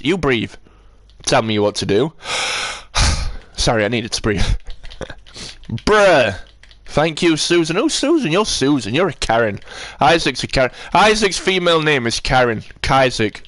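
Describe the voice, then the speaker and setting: A man's voice: medium pitch, fairly bright tone, no room sound. A man chatting on a live stream, rambling and ranting as he answers his chat.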